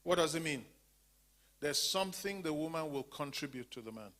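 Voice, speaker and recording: A man's voice: fairly high pitch, animated, moderate pace, fairly bright tone. Man teaching with call-and-response questions. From Zambia. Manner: call-and-response questioning, leaves sentences open for the class to finish; emphatic, repeats key words. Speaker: teacher of a faith-based women's class. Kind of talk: church teaching to a group.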